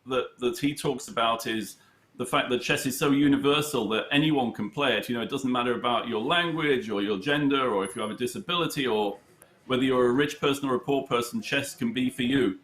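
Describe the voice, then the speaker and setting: A middle-aged man from the United Kingdom, a chess charity head, answering interview questions in a halting, storytelling way with many fillers. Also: mid-range voice, a bit bright. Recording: roomy echo.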